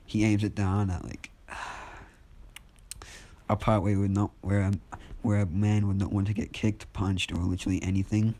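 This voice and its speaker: A man's voice: deep voice, steady tone, fairly quick, dark tone. A man telling a fan story in a casual, rambling way, packed with fillers. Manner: rambling, heavy use of fillers.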